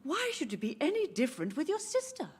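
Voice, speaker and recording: A woman's voice: sits high, wildly swooping pitch, fast talker. An actress voicing a frail elderly mother in a video game, grieving and confused, speaking in a wistful, drifting way. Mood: insistent. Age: older. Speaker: game character. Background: soft game music.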